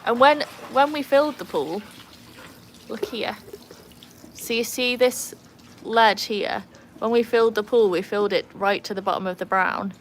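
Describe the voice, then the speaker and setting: A woman chatting casually on a livestream from beside a backyard pool, breaking into a high sing-song voice to praise her dog. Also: normal speed, a little hiss or hum. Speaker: livestream host and dog owner. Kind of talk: casual live chat. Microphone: phone.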